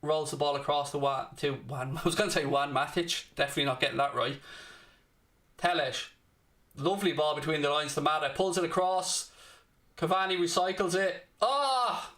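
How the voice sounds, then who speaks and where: A man's voice: a little high, fairly even intonation, a little fast, fairly bright tone. A young man hosting a live football watchalong, commentating on the match and ranting and swearing back at his chat. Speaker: watchalong host.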